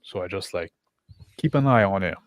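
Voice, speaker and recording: Low-voiced man playing a tabletop game. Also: lively intonation, normal speed, no room sound, studio quality. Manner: casual, checks in with others. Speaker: player. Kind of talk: casual tabletop play.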